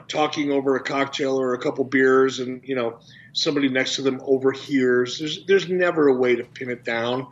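A man being interviewed as a guest, talking in a measured, businesslike way over a phone line. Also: mid-range voice, slight background noise. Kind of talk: casual interview.

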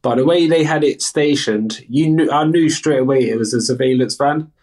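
A man with a South London accent talks as an interview guest. He speaks earnestly and openly in easy, chatty sentences. His voice sits at an everyday middle pitch for a man in his thirties. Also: moderate pace, a little mellow. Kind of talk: casual interview chat.

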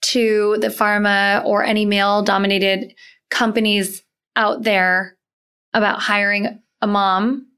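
A woman's voice: mid-range voice, level tone, pushed and bright, smooth. A woman hosting an interview, asking questions and reacting with eager agreement and laughter. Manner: enthusiastic, quick to agree and react. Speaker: interview host. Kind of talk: casual interview chat.

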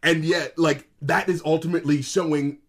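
A man's voice: on the high side, steady tone, normal speed, fairly bright tone. A man co-hosting a casual podcast chat, rambling animatedly and laughing a lot. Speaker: podcast co-host.

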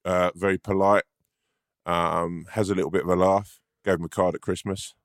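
A man's voice: low-pitched, flat delivery, normal speed, dry recording, studio quality. A man, a podcast co-host chatting from home, jokey and sweary, laughing often. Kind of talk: casual chat. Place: at home, remote call.

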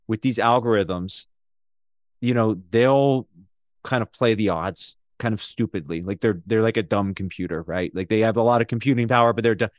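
Man, podcast host, casual interview chat, animated, dry recording. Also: lowish voice, normal speed, no echo, muffled recording. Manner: animated, pushes back, laughs easily.

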